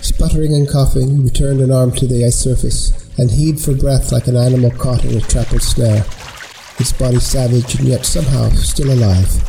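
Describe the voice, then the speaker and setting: A man narrating a scripted story in a measured, unhurried way. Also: medium pitch, steady tone, vocal fry, dark tone, a little hiss or hum, low-quality recording.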